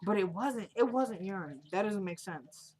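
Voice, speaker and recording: A woman's voice: mid-range voice, lively intonation, normal speed, darkish tone, breathy edge. A woman in a casual vlog, chattily retelling a TV episode and acting out the characters' lines as she goes. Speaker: TV recap vlogger.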